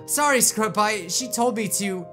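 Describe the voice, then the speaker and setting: A man reading the lines of a sad teenage girl who blames herself in a game story. He reads them quietly and flatly, with little acting. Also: high voice, a little slow, faint music behind.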